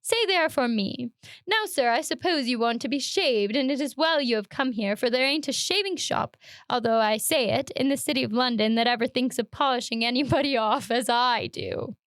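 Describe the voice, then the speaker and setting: Brief: sinister, oily barber, slow and wheedling, breaks into shrill outbursts, read aloud with a dry close sound, a woman doing the voice. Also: fairly bright tone, no echo. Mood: sly.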